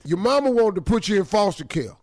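A man's voice: high-pitched, big pitch swings, a little fast, a loud crowd. A man acting a stubborn, grumpy older father who cusses bluntly and guilt-trips his grown daughter in a comedy sketch. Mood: scolding. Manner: blunt, cussing, dramatic self-pity.

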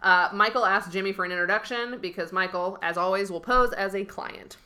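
A woman co-hosting a podcast, recapping a TV episode in quick, wry casual chat and laughing often. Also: mid-range voice, pushed and bright. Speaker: podcast co-host recapping a show.

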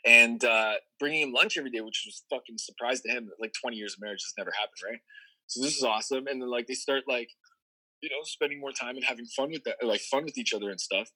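Bright-voiced man telling a rambling story. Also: medium pitch, fast, low-quality recording. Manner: rambling, profane, lots of fillers. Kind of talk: casual storytelling chat.

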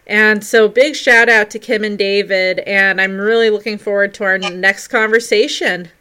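A woman's voice: mid-range voice, fairly even intonation, normal speed, sharp tone, smooth. A woman hosting a paranormal podcast, giving a bubbly, giggly outro.

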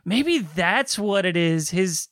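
Podcast co-host, mid-pitched, dry sound, laughs a lot and hedges. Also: expressive, takes it slowly, a bit bright, no room sound. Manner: giggly, hesitant, filler-heavy. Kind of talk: casual chat.

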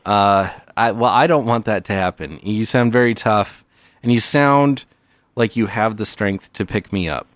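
A man's voice: lowish voice, unhurried, no echo, clean studio sound. A man hosting a comedy podcast with call-ins, talking in a mock-earnest, playful way with stammered restarts. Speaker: podcast host.

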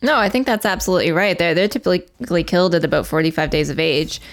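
A woman's voice: on the low side, fast. Earnest woman explaining on a podcast. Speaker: podcast co-host. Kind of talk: casual podcast chat.

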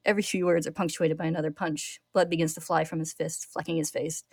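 A woman host narrating a story recap in a steady, clear manner. Her voice sits on the lower side for a woman. The recording is dry and close, with no room echo. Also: a little fast, hardly any pauses. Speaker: podcast host retelling an anime episode.

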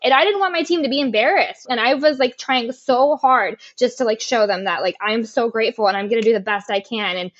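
A woman's voice: a little high, fairly quick, hardly any pauses. A young woman in an interview, talking candidly and with feeling about her racing, laughing often and swearing freely. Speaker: podcast guest, race car driver. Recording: lo-fi muffled audio.

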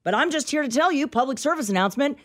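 Animated woman ranting on talk radio. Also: high-pitched, rapid-fire. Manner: animated storytelling, exasperated rants. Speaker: radio show co-host. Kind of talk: casual talk radio chat. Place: radio studio.

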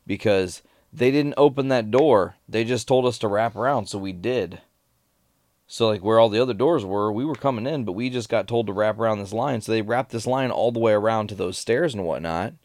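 Man, lowish voice, casual chat, animated swearing storyteller, dry close sound. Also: brisk, dry recording.

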